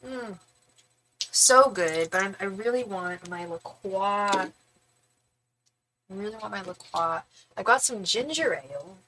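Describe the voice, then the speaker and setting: A woman's voice: mid-range voice, lively intonation, measured pace, pauses often, sharp tone, slight background noise. A young woman hosting a live-stream, chatting casually and rambling with many restarts. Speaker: tarot reader livestream host.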